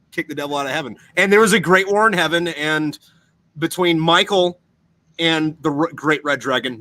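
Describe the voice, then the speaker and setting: A man chatting on a podcast who tells long, meandering stories packed with swearing. His voice is bright and sits a little high. The sound is dry and close to the mic. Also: no echo. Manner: profane, rambling storyteller. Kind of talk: casual podcast chat.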